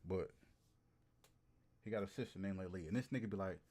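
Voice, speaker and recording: A man casually chatting to his livestream audience, animated and slangy, repeating phrases for emphasis. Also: low voice, fairly quick. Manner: slangy and profane. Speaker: streamer.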